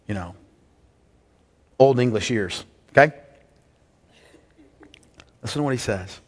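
A man preaching a sermon as pastor, impassioned and at times reading slowly and deliberately. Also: medium pitch, big-room sound.

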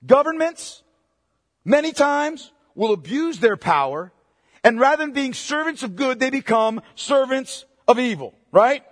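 A man's voice: very high-pitched, very animated, measured pace, no echo, clean studio sound, in a large hall. A man preaching a sermon, emphatic, repeating phrases for stress and asking the congregation questions. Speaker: pastor.

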